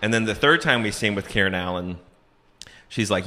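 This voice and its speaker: A man hosting a comedy podcast, animatedly retelling a movie plot and acting out the characters' lines in quick voices. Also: on the low side, big pitch swings, fairly bright tone. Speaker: podcast co-host.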